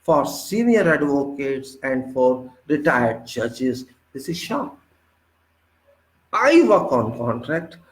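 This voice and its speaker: A man with an Indian accent giving an unscripted engineering lecture, forceful and indignant, pressing his points with sharp rhetorical questions. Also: mid-range voice, very animated, slow pace, roomy sound, rough recording. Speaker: civil engineering instructor.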